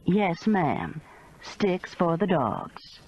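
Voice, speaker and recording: A woman's voice: fairly low pitch, sing-song, extremely slow, a little mellow, highs cut off, slight background noise, heavily acted. A woman voicing a businesslike female emergency operator, speaking matter-of-factly. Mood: reassuring.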